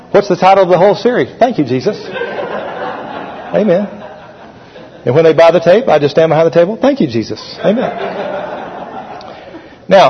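A man preaching a sermon to a congregation, talking conversationally and leading call-and-response. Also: a little high. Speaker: pastor. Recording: dull, echoey hall recording.

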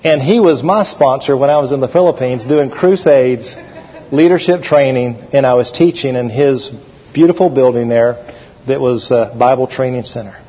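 A man's voice: medium pitch, normal speed. A man preaching a sermon in a folksy storytelling manner with fillers. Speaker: pastor. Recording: echoey hall, dull sound.

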